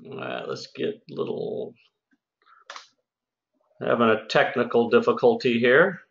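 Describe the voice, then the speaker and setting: A man's voice: medium pitch, very animated, a little slow, gravelly. A man who runs a home services business, hosting a casual sales webinar in an upbeat, folksy, chatty way. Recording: echoey room, slightly dull sound.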